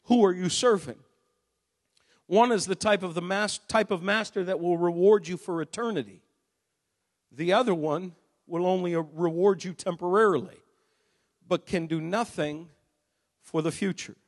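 A male pastor preaching a sermon, swelling from steady talk into loud, emphatic passages. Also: high-pitched, moderate pace, long pauses, long reverb tail.

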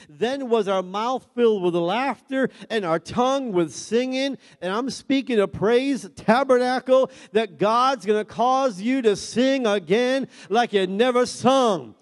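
High-voiced preacher in a reverberant hall. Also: male voice. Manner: preaching with call-and-response and rising intensity. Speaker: pastor. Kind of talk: sermon.

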